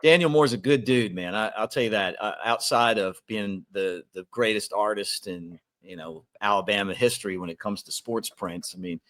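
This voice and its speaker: A man's voice: lowish voice, normal speed, few pauses, fairly bright tone. Easygoing man hosting a sports podcast. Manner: easygoing, laughs often. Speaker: podcast host. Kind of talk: casual sports podcast chat and sponsor reads.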